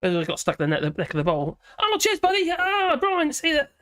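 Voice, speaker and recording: A hoarse man hosting a live stream, chatting in a rambling, cheeky way and giggling often. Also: very high voice, huge pitch swings, a little fast, sharp tone. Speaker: livestream host. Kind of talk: casual live-stream chat. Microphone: headphones with a small speaker.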